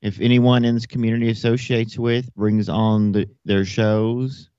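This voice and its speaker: A man's voice: medium pitch, level tone, unhurried, dark tone, smooth, no room sound, lo-fi sound. A man hosting a casual livestream show, talking bluntly and emphatically with plenty of swearing. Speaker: show host.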